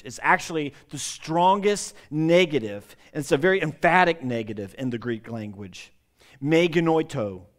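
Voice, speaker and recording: Man, pastor, sermon, emphatic, repeats himself, a bit high-pitched. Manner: emphatic preaching with repetitions and restarts.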